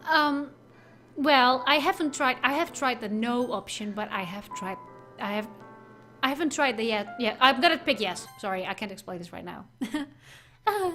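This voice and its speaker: A woman's voice: on the high side, lively intonation, normal speed, a bit bright, soft background music. A young woman hosting a let's play, chatting casually and rambling, often restarting her sentences. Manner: chatty, rambling, self-interrupting. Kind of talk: casual game commentary.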